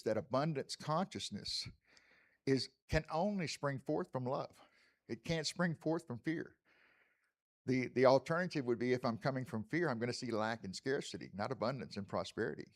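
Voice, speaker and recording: A middle-aged man with a drawl gives a relaxed, conversational sermon. He speaks at a mid pitch and keeps turning to the congregation with folksy questions. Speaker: licensed spiritual teacher giving the talk.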